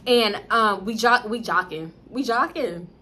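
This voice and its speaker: A woman's voice: mid-range voice, a little slow, slight background noise. A young woman telling a story casually, cursing and acting out what people said. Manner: animated, profane, acts out voices. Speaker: storytime vlogger.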